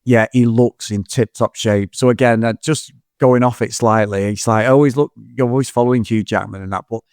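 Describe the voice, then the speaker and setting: A man talks through a film on a podcast, rambling from point to point with animated energy and the odd swear word. His voice sits at a middling pitch. The sound is dry and close. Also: brisk, no echo. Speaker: podcast co-host. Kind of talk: casual film review chat.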